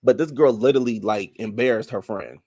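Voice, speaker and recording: A man giving a sassy, casual recap of a reality show, talking back to what happened on screen, drawling some words and rushing others. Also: on the low side, dark tone, no room sound.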